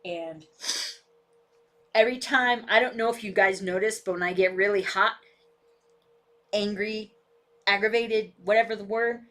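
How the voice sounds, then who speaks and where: Woman, casual live-stream commentary, blunt and profane, slow unhurried delivery, desk mic, home room, dog in the background. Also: medium pitch, fairly even intonation, fairly bright tone. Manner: blunt, heavy swearing, talks back to her dog. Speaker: political live-stream vlogger. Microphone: desk microphone with camera. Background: dog barking and moving.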